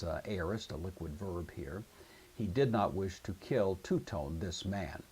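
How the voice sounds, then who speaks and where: A man's voice: low-pitched, darkish tone, a little hiss or hum. A man teaching a grammar lesson, working through exercises methodically and explaining each form step by step. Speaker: Greek teacher.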